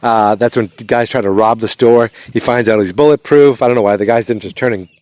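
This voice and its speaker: A man of middle pitch talks through a film's story in a relaxed, meandering way. He stops, restarts and fills gaps with ums as he goes. The sound is dry, with no room around him. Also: fairly quick, no room sound. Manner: rambling, loose retelling with many fillers and restarts. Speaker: podcast host. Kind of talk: casual movie recap.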